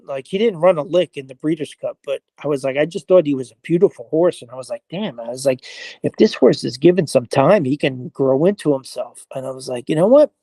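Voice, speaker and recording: A man with a slightly high voice tells a story in a relaxed, chatty way. He jumps into the voices of people he quotes and drops in casual swearing. The sound is close and dry, with almost no room around him. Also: dry recording. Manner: animated, acts out quoted voices, frequent "I was like", mild swearing. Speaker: interview guest, horse player.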